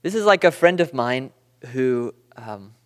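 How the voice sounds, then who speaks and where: A man from Southern California teaching a church Bible class, conversational and animated, with storytelling asides. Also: medium pitch, a little slow, clean tone, long reverb tail.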